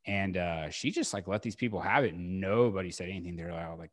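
A man's voice: sits low, fairly quick, few pauses, no echo, clean studio sound. A man hosting a podcast, chatting casually in a rambling way, full of "like" fillers. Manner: rambling, heavy use of "like". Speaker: podcast host. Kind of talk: casual conversational chat.

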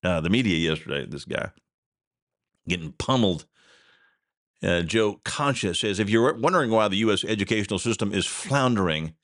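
A man's voice: lowish voice, lively intonation, normal speed, fairly bright tone, dry recording, clean studio sound. A man hosting a casual solo news commentary show, rambling, repeating himself and chuckling along. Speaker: podcast host.

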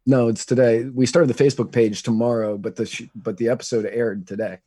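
Male podcast host, relaxed comic chat, mid-range voice, quick to laugh. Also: mid-range voice, husky, no echo. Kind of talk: casual comedic chat.

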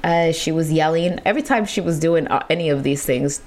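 A woman hosting a podcast, telling a personal story in casual, animated, profane talk with frequent laughter. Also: low voice, fairly quick. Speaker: podcast host.

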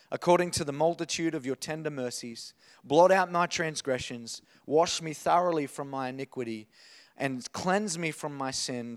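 A man's voice: on the high side, fairly bright tone, long reverb tail. A man, preaching a passionate sermon and telling a personal story. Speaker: pastor.

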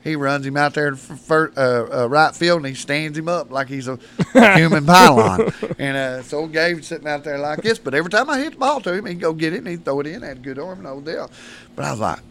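A man's voice: a little high, a little fast, fairly bright tone. A man, a podcast guest telling rambling, folksy stories and laughing through them. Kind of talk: casual storytelling.

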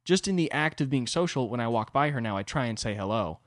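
A young man talks alone into a close mic with a dry, deadened sound, and his pitch leaps up and down as he acts out the people in his stories. He rambles in a self-deprecating, comedic way, like a casual solo podcast. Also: fast talker, dry recording. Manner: self-deprecating, animated, acts out quoted voices. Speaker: podcast host.

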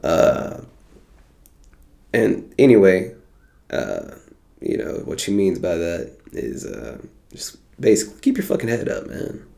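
A man's voice: sits low, sing-song, takes it slowly, gravelly, pauses often, mellow. A young American man hosting his podcast in a rambling, casual monologue, laid-back, joking and full of profanity. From United States. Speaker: podcast host.

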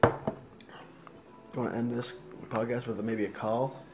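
A man's voice: mid-range voice, level tone, a little slow, loud music behind the voice. A man co-hosting a comedy podcast, laid-back and playing along dryly with a caller bit. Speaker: podcast co-host. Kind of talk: casual comedic podcast chat.

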